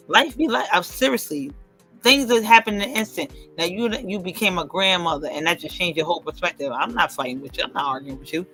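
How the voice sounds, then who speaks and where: A woman's voice: fairly low pitch, quick pace, breathy edge, soft background music. A woman hosting a livestream in casual chat, speaking, emphatic and profane, telling stories with lots of energy. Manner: emphatic, profane, animated storytelling. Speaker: livestream host.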